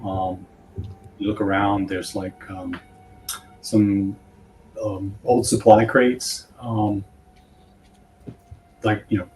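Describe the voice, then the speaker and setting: A man narrating as game master of a tabletop horror game, halting with many fillers. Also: lowish voice, little pitch movement, a little mellow, slight background noise, poor audio.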